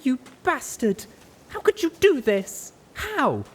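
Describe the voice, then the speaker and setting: A man voicing an emotional young female pegasus who pleads and shouts in a shrill voice. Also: huge pitch swings, slow, slight background noise, heavily acted. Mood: furious.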